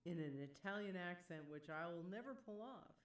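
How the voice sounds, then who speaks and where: A woman's voice: lowish voice, expressive, normal speed, echoey room, distant mic. A woman chatting casually on a live stream, reading chat messages aloud and laughing often.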